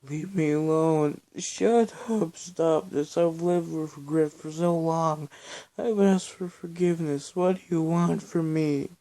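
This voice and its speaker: A man's voice: fairly high pitch, fairly even intonation, takes it slowly, mellow, pitched above the performer's own voice. A man voicing a terrified young woman in a spoken story, stammering and screaming hysterically.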